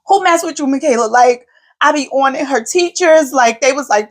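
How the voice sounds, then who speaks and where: An expressive woman in her forties tells family stories on her own podcast. Her delivery is emphatic and colloquial, with a fairly high voice. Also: moderate pace. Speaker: podcast host, mother. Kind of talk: casual conversational storytelling.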